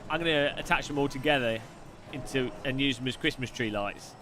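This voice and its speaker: A man's voice: medium pitch, sharp tone, slight background noise. A man hosting a live stream, chatting casually and joking while commenting on a race. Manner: chatty, jokey, quick asides and laughs.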